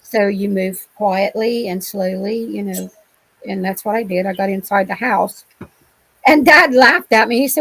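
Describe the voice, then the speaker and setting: Middle-aged woman guest, gravelly voice, homespun and rambling storyteller. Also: medium pitch, a little slow, fairly bright tone, no echo, low-quality recording. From Ohio. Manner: rambling, colloquial, many restarts. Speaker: interview guest. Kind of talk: telling personal encounter stories.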